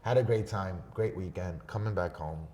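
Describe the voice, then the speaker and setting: A man on a podcast telling a story in a casual, profane way, swinging between loud bursts and hushed asides. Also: low-pitched, normal speed, slight background noise. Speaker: podcast guest.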